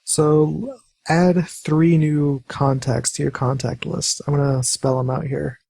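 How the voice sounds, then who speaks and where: A man acting as game master of a tabletop role-playing game, talking in a relaxed, hesitant way with many fillers. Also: a little high, slow, vocal fry, breathy edge, no room sound.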